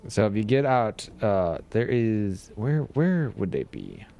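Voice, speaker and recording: A man's voice: lowish voice, sing-song, takes it slowly, vocal fry, warm tone, soft background music. A man chatting casually while streaming a game, rambling along and chuckling often. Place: home.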